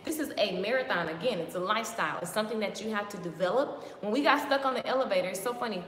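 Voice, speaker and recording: A woman giving a lively, chatty motivational talk on a live stream, greeting viewers by name. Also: mid-range voice, racing. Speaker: motivational vlogger. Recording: echoey with long reverb.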